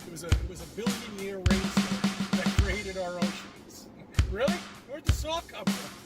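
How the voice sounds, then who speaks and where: A man's voice: high voice, expressive, normal speed. A man ranting in a scoffing, dismissive way, heard in a played video clip. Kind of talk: ranting monologue. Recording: distant clip with loud music behind.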